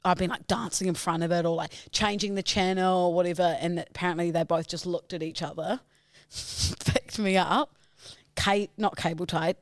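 Animated woman telling stories. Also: lowish voice, moderate pace, dry recording, studio quality. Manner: animated storytelling with loud put-on quotes. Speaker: podcast co-host. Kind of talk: casual chat.

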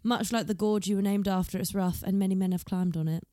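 A woman's voice: medium pitch, fairly even intonation, fast, warm tone, dry recording, clean studio sound. A woman co-hosting a podcast, chatting casually through a recap and reading quotes from her notes. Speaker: podcast co-host.

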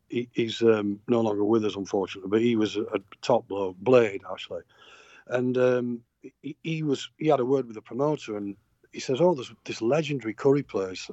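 A man's voice: medium pitch, warm tone, no room sound, dull audio. A middle-aged man from Sheffield with a Yorkshire accent, a touring musician telling long rambling anecdotes full of fillers and restarts. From Sheffield, England. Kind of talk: anecdotal interview chat.

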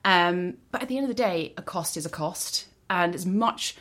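Woman guest, low-ish voice, lively ranting delivery, plays out little voices. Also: normal speed. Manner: animated ranting, acts out quoted voices. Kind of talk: casual podcast chat.

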